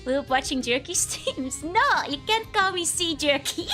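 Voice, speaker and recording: Woman streamer, lively up-and-down voice, giggly, slightly worn from illness. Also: high voice, unhurried, over music. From Netherlands. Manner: giggly, chatty, greets viewers by name. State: voice still recovering from illness. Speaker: VTuber streamer. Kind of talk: casual live-stream chat.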